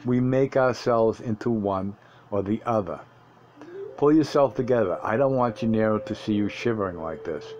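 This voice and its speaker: A man reading an audiobook, voicing an old male sorcerer teacher who speaks low, hushed and deliberate. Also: muffled recording, natural voice. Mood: stern.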